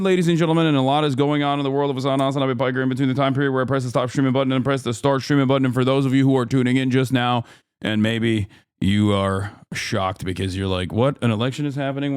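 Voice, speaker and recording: A man's voice: mid-range voice, clean tone, no room sound, studio quality. A man in his thirties hosting a livestream in a casual chat style, playful and rambling, who swears freely and slips into mock announcer openings. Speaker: livestream host.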